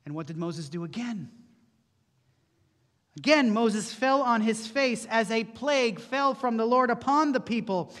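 A man's voice: high-pitched, moderate pace, a bit bright. A male pastor preaching an earnest sermon, posing rhetorical questions to the congregation. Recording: long reverb from a large hall.

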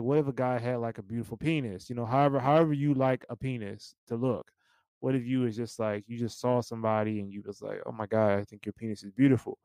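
Smooth-voiced man asking frank questions. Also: medium pitch, darkish tone, no room sound, poor audio. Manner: frank, laughing, rambling questions with many restarts. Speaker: podcast host. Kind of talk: casual interview chat.

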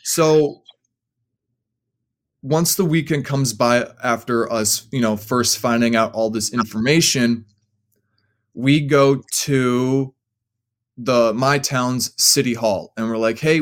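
A young man tells a long story as a podcast guest. He rambles along, packing his sentences with fillers, in a voice of ordinary middle pitch for a man. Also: measured pace. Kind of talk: casual storytelling.

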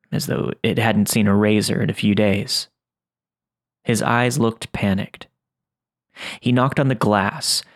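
A man narrating a first-person horror story as host, in a measured read that slows at tense moments. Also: lowish voice, dry recording, studio quality.

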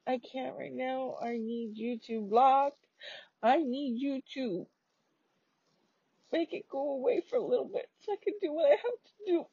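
A woman's voice: high-pitched, a little slow, gravelly, mellow, breathy edge, dry recording. A woman telling a story about her own experience in a casual, chatty way, swearing freely and using many fillers. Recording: dull lo-fi recording.

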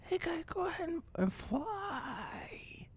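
A man doing an impression of Gollum, a small wheedling cave creature, with a whiny, breathy, throaty voice and broken grammar. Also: extremely high pitch, sing-song, slow, pitched above the performer's own voice, full character voice. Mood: whining pleading. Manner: whimpering, pleading, broken grammar. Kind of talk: comedic impression on a podcast. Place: home living room.

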